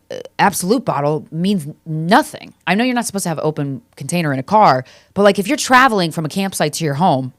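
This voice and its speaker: A woman in her thirties hosts a podcast with a slightly low voice, heard close and dry with no room sound. She tells her stories in a loose, animated way, swearing freely and laughing between lines. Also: dry recording. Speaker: podcast host. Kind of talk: casual comedic monologue.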